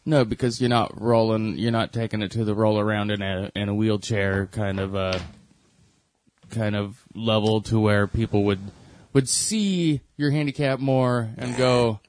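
A man's voice: fairly low pitch, steady tone, measured pace, darkish tone, no room sound. Laid-back male podcast co-host. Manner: laid-back, asks rambling questions. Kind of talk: casual chat.

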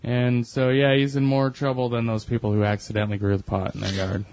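A man in casual chat, deadpan, teasingly relaying a news item. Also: mid-range voice, fairly quick, dry recording.

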